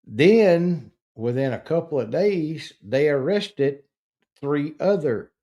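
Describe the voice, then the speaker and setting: A middle-aged man with a drawl hosts a true-crime chat. His voice is dark and mellow, and he talks at an unhurried, deliberate pace. He stresses key words and often restarts his sentences as he builds up indignation. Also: on the high side, lively intonation, muffled recording. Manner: slow, emphatic, indignant storytelling with restarts. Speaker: podcast host. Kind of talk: casual true-crime discussion.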